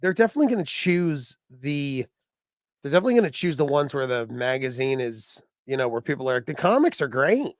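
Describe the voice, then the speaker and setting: A man's voice: medium pitch, sing-song, a little fast, dry recording, studio quality. A man co-hosting a comedy chat about an old gaming magazine, reading letters aloud in a sarcastic, mocking, profane way. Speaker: podcast co-host.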